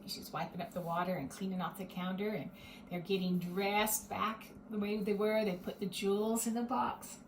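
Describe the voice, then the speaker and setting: A woman reading a picture book aloud to children, pausing gently to explain and ask questions. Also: medium pitch, flat delivery, echoey room, a little hiss or hum. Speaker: storyteller.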